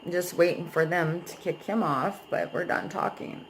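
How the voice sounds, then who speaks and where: A woman's voice: lowish voice, fairly even intonation, normal speed, noisy background. A young adult woman vlogger venting candidly about a relationship, frank and emotional, swearing freely.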